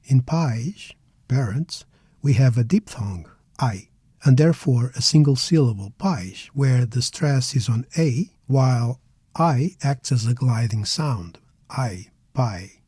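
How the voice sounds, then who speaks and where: Guy teaching pronunciation, mellow, dry close sound. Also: medium pitch, expressive, husky, no echo. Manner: deliberate, models words syllable by syllable. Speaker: language teacher. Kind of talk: slow, careful pronunciation lesson.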